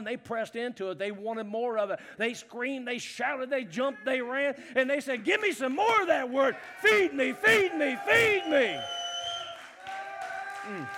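High-voiced folksy preacher. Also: male voice. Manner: folksy, swings from low talk to loud shouting. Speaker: pastor. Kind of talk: sermon.

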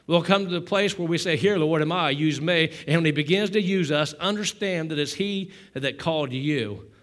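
High-voiced man preaching with rising fervor. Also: moderate pace. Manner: exhorting, repetitive preaching cadence, builds to loud fervor; self-deprecating asides to the congregation. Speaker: pastor. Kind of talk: sermon.

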